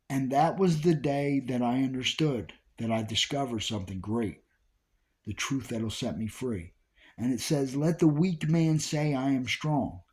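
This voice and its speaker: A man with a medium-pitched, slightly mellow voice gives an informal Bible study talk. His preaching is repetitive and emphatic, stressing key phrases again and again and restarting sentences along the way.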